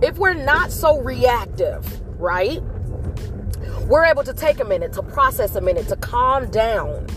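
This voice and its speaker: A woman's voice: a little high, expressive, unhurried, soft background music. A woman hosting a motivational vlog, giving an earnest, faith-based pep talk that repeats its points to encourage listeners.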